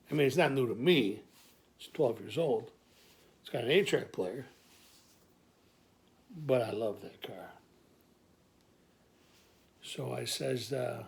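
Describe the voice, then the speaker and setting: A man's voice: medium pitch, a little slow, vocal fry, long pauses. A man telling an improvised comic story in a streetwise, wisecracking way, sometimes stammering through asides. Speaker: comic monologuist.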